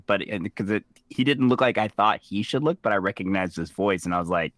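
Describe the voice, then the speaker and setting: A man's voice: on the low side, fairly quick, hardly any pauses, fairly bright tone, no echo, studio quality. A man co-hosting a podcast, chatting enthusiastically and joking along. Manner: enthusiastic, jokey reactions. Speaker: podcast co-host. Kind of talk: casual chat.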